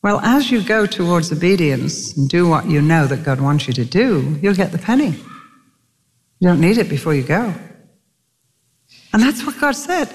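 A woman preaching a sermon, telling stories with emphatic swings of pitch. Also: big pitch swings, moderate pace, pauses often, darkish tone, in a large hall.

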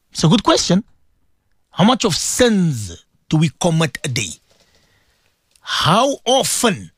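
A man's voice: a little high, slightly rough, no room sound. A man giving an emphatic religious talk on radio, repeating himself and quizzing his listeners. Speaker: Muslim preacher on radio.

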